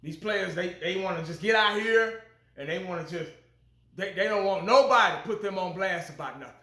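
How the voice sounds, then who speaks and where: A man's voice: high-pitched, a little fast, sharp tone, echoey room. Fired-up blunt man. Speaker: fan channel host. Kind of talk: casual fan commentary.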